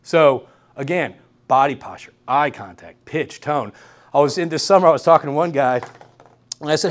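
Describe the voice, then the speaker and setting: Upbeat man giving a lecture, higher voice. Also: moderate pace. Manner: energetic, repeats key points and checks in with "all right?". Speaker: guest lecturer. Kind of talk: university workshop talk. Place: lecture room.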